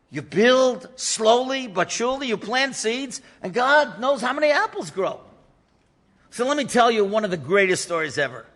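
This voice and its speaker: A man, a rabbi, telling a story in an animated lecture and acting out the voices of the people in it. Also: extremely high pitch. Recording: lecture in a reverberant hall.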